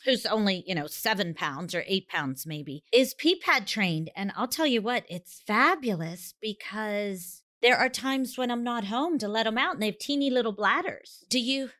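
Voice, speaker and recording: Bright, chatty woman co-host. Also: mid-range voice, lively intonation, moderate pace, hardly any pauses. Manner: chatty, enthusiastic about her pets. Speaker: podcast co-host. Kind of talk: casual chat.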